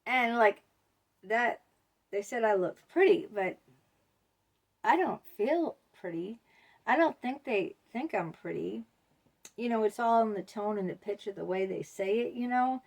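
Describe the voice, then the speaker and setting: A woman talks casually to camera as a vlogger, wandering through her points with frequent ums and you-knows. Her voice sits mid-pitch with a gravelly fry. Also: lively intonation, measured pace, darkish tone.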